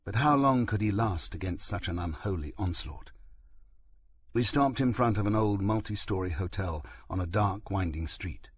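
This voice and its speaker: A man narrating a first-person audiobook in a steady, reflective manner. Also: deep voice, moderate pace, husky.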